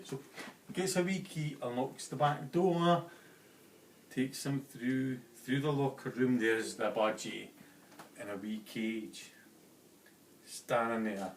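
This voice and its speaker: A man telling a joke in a relaxed, broad storytelling way, filmed at home on a phone across the room. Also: mid-range voice, takes it slowly, long pauses, slight background noise. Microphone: phone camera across the room. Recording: roomy and distant home video.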